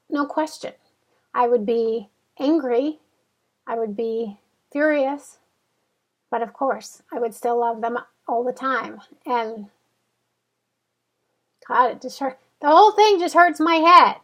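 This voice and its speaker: Middle-aged woman, vlog host, thinking aloud, halting, troubled, fairly high voice. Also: a bit bright. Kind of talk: casual talk to camera.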